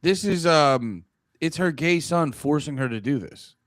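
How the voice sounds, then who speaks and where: A man's voice: fairly high pitch, expressive, measured pace, fairly bright tone, no room sound, studio quality. A young man co-hosting a comedy podcast, riffing crudely and mocking in casual chat. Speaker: podcast co-host.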